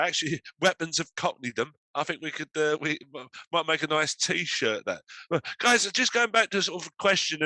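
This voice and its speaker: Bright, sharp-toned male host. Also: a little high, no echo, poor audio. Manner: encouraging, loose questions. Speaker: discussion host. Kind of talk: hosting a panel discussion.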